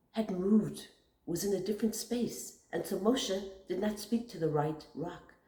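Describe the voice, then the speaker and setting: A woman hosting a weekly Torah lesson, retelling the story expressively with dramatic pauses. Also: medium pitch, a little mellow, echoey room. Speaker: Torah teacher and host.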